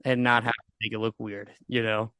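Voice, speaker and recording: A man chatting about a film on a podcast, animated, laughing often and pointing out shots and effects. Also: on the low side, fairly quick, clean tone, no echo, studio quality. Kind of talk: casual film discussion.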